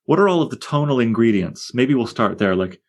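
Leading a seminar discussion on poetry, this man speaks fairly quickly in an expressive, mid-range voice. He savors each line he reads aloud and taps the meter out as he explains it.

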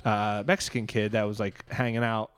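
A man's voice: on the low side, flat delivery, moderate pace, fairly bright tone, smooth, no echo. A man telling a long, rambling story in casual chat, swearing freely.

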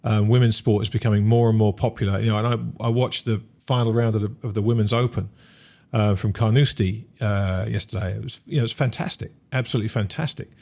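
A man's voice: lowish voice, steady tone, fast talker, creaky, mellow. Hesitant man musing aloud. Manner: musing, hesitant, many restarts. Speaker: podcast co-host. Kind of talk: casual discussion.

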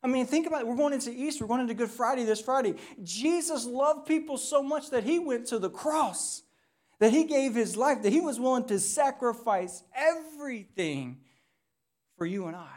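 A woman's voice: high-pitched, animated, normal speed, a little mellow. A woman pastor from the United States preaching a sermon in a conversational style, often checking in with "right?".

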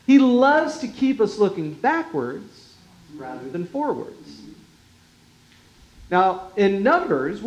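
A pastor giving a sermon in a measured, unhurried way, often dropping softly in volume and chuckling lightly. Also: medium pitch. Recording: roomy echo.

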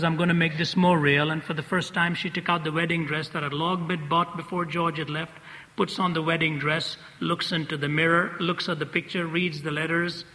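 Bright-voiced preacher telling a story. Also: male voice, a little high. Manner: vivid storyteller, repeats phrases for effect. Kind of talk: sermon storytelling. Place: large hall before an audience. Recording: long reverb of a large hall.

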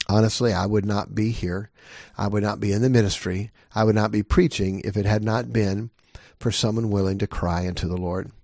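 A man's voice: on the low side, darkish tone, dry recording, clean studio sound. A middle-aged man preaching a sermon as a pastor, earnest and emphatic, pressing his listeners with repeated questions.

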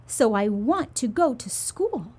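A woman voicing three gentle, well-mannered little bear cubs from the woods in a storybook reading. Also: on the high side, big pitch swings, slow, breathy edge, exaggerated voice. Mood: polite.

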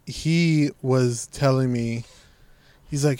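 A man's voice: mid-range voice, unhurried, no room sound. A young man in casual chat, telling a story with lots of swearing and acting out what people said. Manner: profane, animated storytelling, voices quoted people.

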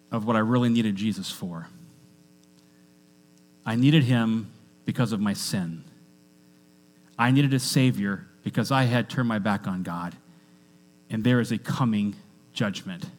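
A man preaching a sermon to a church congregation, energetic, often asking the crowd to repeat lines after him. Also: fairly low pitch. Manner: energetic, with call-and-response to the congregation. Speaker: pastor.

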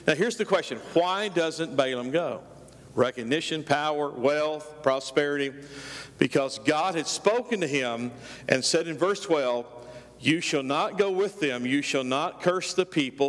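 Animated preacher in an echoing hall. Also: male voice, on the high side. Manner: animated storytelling, asking the congregation questions. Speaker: pastor. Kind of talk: sermon.

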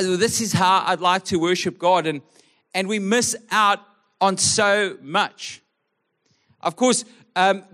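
A man's voice: sits high, fairly bright tone. A man from South Africa preaching a sermon in a conversational, earnest way, often restarting and repeating words. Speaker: pastor. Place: church service.

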